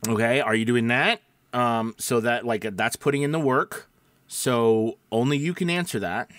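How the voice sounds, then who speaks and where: A voice-over coach with a medium-pitched, somewhat nasal, slightly bright voice gives casual advice to voice actors straight to camera in a dry recording. He's conversational, restarts sentences, and asks viewers questions.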